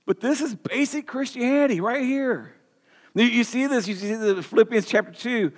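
A man's voice: very high voice, moderate pace, big-room sound. A man preaching a sermon, earnest, with many repeated words and restarts. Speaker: pastor.

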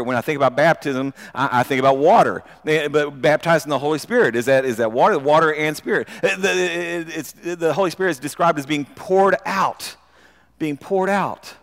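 A man's voice: a little high, a bit bright. A man preaching a sermon in an earnest, questioning way, often repeating words as he goes. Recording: long hall reverb.

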